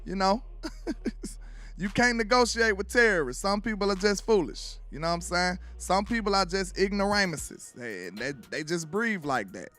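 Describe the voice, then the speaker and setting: Southern guy riffing on football, bright voice, kinda high, music under him. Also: expressive, normal speed, hardly any pauses. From Alabama. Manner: loose and trash-talking, repeats "you know what I'm saying". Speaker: sports commentary host. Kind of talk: casual sports commentary.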